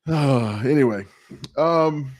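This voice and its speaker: A man's voice: medium pitch, slow, a little mellow, no room sound, clean studio sound. A man hosting a live stream, chatting casually, laughing and swearing as he tells stories. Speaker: show host.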